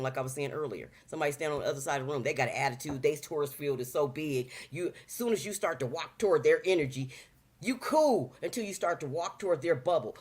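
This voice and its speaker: Slangy, preachy woman in her fifties. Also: fairly low pitch. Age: 50s. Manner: animated and preachy, slangy, acts out quotes. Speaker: talk show guest. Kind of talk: casual chat.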